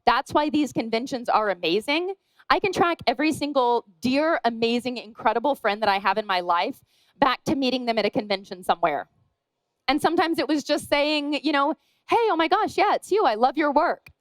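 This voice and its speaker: A woman wedding photographer giving a lively conference talk, chatty and self-deprecating, acting out the people she quotes. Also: sits high, a little fast, dry recording, poor audio.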